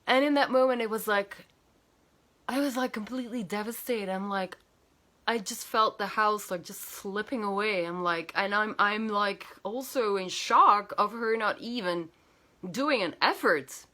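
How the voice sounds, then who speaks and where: A woman speaking straight to camera as she tells a personal story. She talks in an animated, emotional way, full of fillers and restarts, at a medium pitch. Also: a little slow. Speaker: healer and coach.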